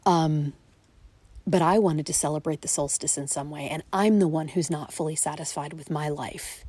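Mellow whispery woman in her forties. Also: fairly low pitch, moderate pace, slightly rough, no echo. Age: 40s. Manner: reflective, frequently whispering and laughing. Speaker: podcast host. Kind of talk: solo podcast monologue. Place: outdoors in a backyard at night.

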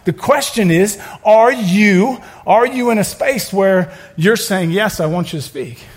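A middle-aged male pastor preaching a sermon, telling stories with joking asides and building to loud exclamations. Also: high-pitched, measured pace, husky.

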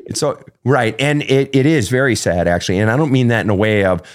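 A man's voice: mid-range voice, fast. A man hosting an advice talk show as a coach, speaking bluntly and emphatically with heavy swearing. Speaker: podcast host and relationship coach.

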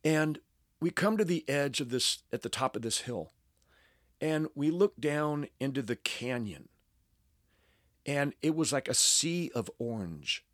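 A man's voice: mid-range voice, expressive, measured pace, fairly bright tone, no echo, studio quality. A middle-aged man from the United States telling a story to a live fan audience at a panel, amused at himself and acting out the dialogue. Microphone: panel microphone.

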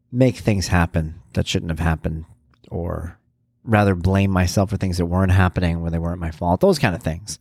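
A man's voice: on the low side, a little mellow, dry recording, studio quality. A man in his forties hosting a podcast, talking candidly and rambling through a personal monologue, now and then acting out voices. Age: 40s. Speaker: podcast host.

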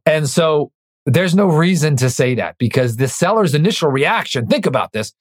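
A man hosting a real estate podcast, coaching listeners directly in an energetic, emphatic way, sometimes dropping to a near-whisper for emphasis. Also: a little high, normal speed.

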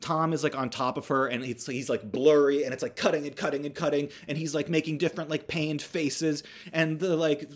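A man's voice: fairly high pitch, steady tone, a little fast, few pauses. A man casually recapping a horror movie, rambling with wry asides and self-corrections.

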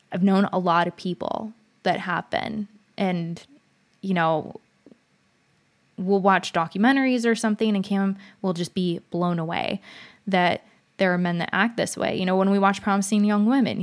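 A young woman telling a personal story in a casual, frank monologue, chatty with many fillers and restarts. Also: medium pitch. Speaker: vlogger.

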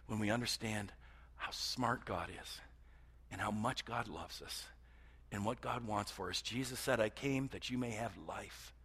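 A man preaching a sermon as pastor, moving between loud emphatic passages and hushed near-whispers. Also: fairly low pitch, unhurried, slightly rough.

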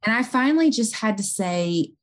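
A woman's voice: a little high, expressive, normal speed. A woman who works in home health, earnestly explaining a patient story in a conversation, with fillers and restarts along the way.

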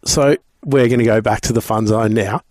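A man's voice: lowish voice, fairly even intonation, normal speed, a little mellow, dry recording. An Australian man hosting a podcast interview, chatty and effusive, calling his guest mate. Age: adult parent. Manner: effusive, calls people mate. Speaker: podcast host. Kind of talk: casual interview chat.

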